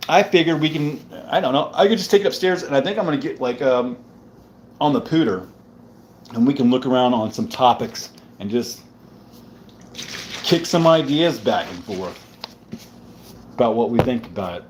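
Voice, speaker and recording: Man, casual livestream host, tipsy, rambling banter, many fillers, mid-pitched voice, faint background noise. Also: lively intonation, moderate pace, long pauses, darkish tone. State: a bit drunk.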